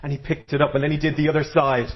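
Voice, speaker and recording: A man's voice: on the high side, flat delivery, rapid-fire. Man telling a folk tale live, dramatic, jokey with the crowd, kinda muffled sound. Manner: playful, dramatic, talks with the audience. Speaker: storyteller. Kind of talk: live folktale storytelling. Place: live storytelling event before an audience.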